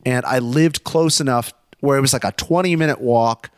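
Man, young adult, casual storytelling, animated, profane, dry sound. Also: mid-range voice, normal speed, clean tone, no room sound. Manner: animated, swears often, acts out quotes.

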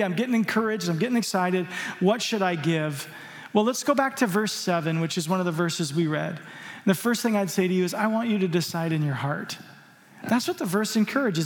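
High-voiced preacher man in a reverberant hall. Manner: emphatic, exhorting preacher. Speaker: pastor. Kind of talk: sermon.

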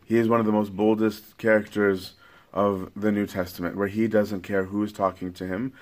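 A man's voice: lowish voice, level tone, normal speed, a little mellow. A man teaching scripture in a casual, conversational sermon, often tagging his points with "right?". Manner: casual, keeps checking in with "right?". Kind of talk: conversational Bible-study sermon.

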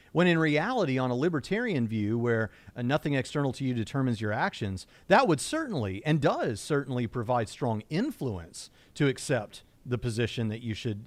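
A middle-aged man from Southwest Indiana, co-hosting a casual discussion and turning animated when he quotes others. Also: medium pitch, no echo. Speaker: co-host.

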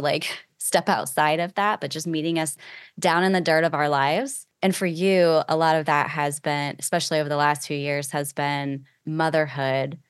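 A woman's voice: sits low, smooth, dry recording, clean studio sound. A woman hosting a faith podcast interview, asking reflective, thoughtful questions. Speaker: podcast host.

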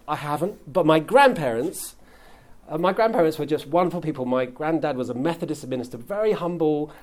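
A man's voice: a little high, a little mellow. A man preaching a sermon as a pastor, earnest and building emphasis on key phrases.

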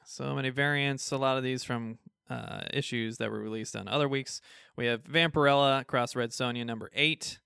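Guy on a podcast running down comic releases, bright crisp voice, dry close sound. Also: medium pitch, fairly even intonation, normal speed, few pauses, no room sound. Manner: reads a list of comic releases, joking. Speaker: podcast co-host. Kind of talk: casual podcast chat.

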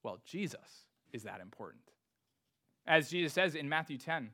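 A man's voice: a little high, big pitch swings, normal speed, sharp tone. A man preaching a sermon to his congregation, reading scripture and rising to emphatic rhetorical questions. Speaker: pastor.

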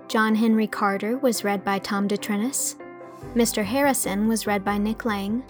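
A woman narrating an audiobook in a clear, measured storytelling manner. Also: medium pitch. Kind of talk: scripted narration.

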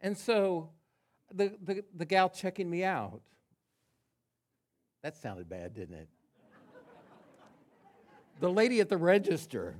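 A pastor preaching a sermon to his congregation in a conversational way, telling a story with quiet asides. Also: high voice, very animated, slow, pauses often.

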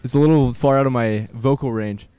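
Speaking briskly in a clear, resonant, medium-pitched voice, a young man vlogs alone outdoors in a city park, rambling hesitantly with nervous laughs and many fillers. The audio is lo-fi but has no echo.

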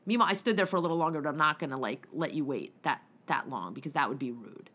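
A young adult woman telling a story as a profane, animated rant, acting out her own retorts. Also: sits low, quick pace.

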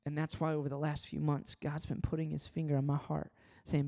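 A man preaching a sermon as pastor, swinging from loud pleading questions to hushed, earnest appeals. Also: a little high, completely flat delivery, brisk, gravelly.

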